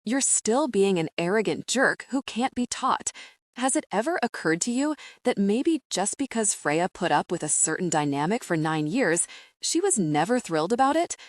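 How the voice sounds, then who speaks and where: A woman's voice: mid-range voice, big pitch swings, normal speed, dry recording, studio quality, lightly acted. A woman voicing a blunt, teasing young adult brother who lectures his sibling, in audiobook narration.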